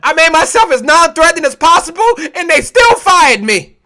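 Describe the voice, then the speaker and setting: A wronged, whiny worker who pleads that they did everything right, voiced by a male preacher pushing his already high voice even higher. The delivery is bright and drawn out. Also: normal speed, full character voice. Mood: aggrieved whining. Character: plaintive fired worker complaining online.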